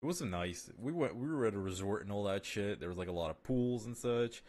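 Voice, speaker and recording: Male streamer, slightly low voice, casual rambling chat full of fillers, swearing and self-amused laughter. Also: expressive, brisk, darkish tone. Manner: rambling and profane, with many fillers and restarts; laughs often at his own jokes.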